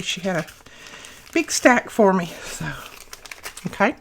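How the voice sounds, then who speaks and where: A woman's voice: medium pitch, sing-song, slow, a little hiss or hum. A woman hosting a casual craft tutorial, talking through each step in a chatty, homely way with small asides.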